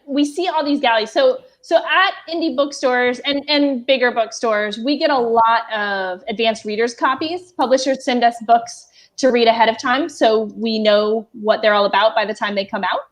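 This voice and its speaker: A woman hosts a relaxed chat over a video call, her voice a touch high. She keeps things moving with quick, encouraging affirmations. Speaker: bookshop host. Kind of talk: casual chat.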